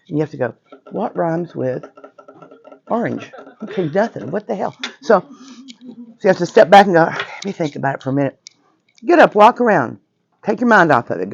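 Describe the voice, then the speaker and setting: A woman in her sixties with a hoarse, nearly gone voice, teaching a witchcraft class in a chatty, emphatic way and often checking in with "right?" and "okay?". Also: low-pitched, darkish tone, no echo, muffled recording. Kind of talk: informal class lecture. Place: metaphysical shop classroom.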